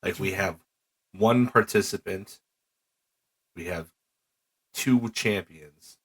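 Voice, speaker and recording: A man's voice: sits low, slow, slightly rough. A man co-hosting a podcast, casually chiming in with short comments on wrestling. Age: adult father. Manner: relaxed, chimes in with brief comments. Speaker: podcast co-host.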